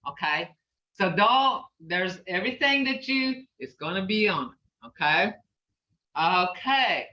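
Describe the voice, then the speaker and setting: A woman teaching a language class, patient and unhurried, sounding out each word so students can repeat it. Her voice is bright and lively, rising and falling as she explains. She sounds distant from the mic, in a roomy space on a slightly muffled recording. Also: mid-range voice. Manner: patient, repeats words slowly for students to copy.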